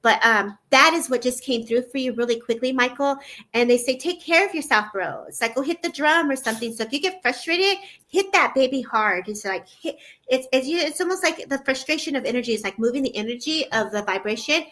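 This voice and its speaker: A psychic medium gives a live online reading in a high, somewhat bright voice, effusively calling viewers by name. She talks in a quick, flowing stream, often repeating words and restarting.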